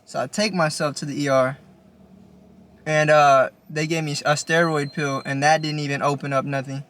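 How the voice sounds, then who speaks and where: A young man with a voice pitched a little above the usual, telling a storytime vlog. He talks in a relaxed, slangy way, the way a channel host talks straight to his viewers. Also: moderate pace. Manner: laid-back slangy storytelling. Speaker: YouTuber.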